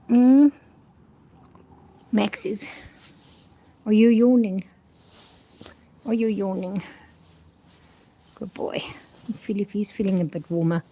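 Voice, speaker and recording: Filmed on a handheld phone at an outdoor horse stable, this vlog features an older woman from South Africa with a medium-pitched, dark-toned voice. She chats casually, rambles, and talks affectionately to her horses.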